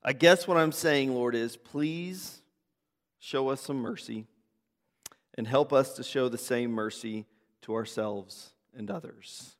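A man's voice: mid-range voice, takes it slowly. A man pastor delivering a sermon with prayer and scripture reading, earnest, with fillers and restarts. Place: church sanctuary. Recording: long church reverb.

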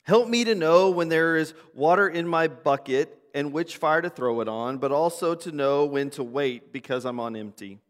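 A man's voice: on the high side, normal speed, few pauses. A man pastor delivering a sermon with prayer and scripture reading, earnest, with fillers and restarts. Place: church sanctuary. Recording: long church reverb.

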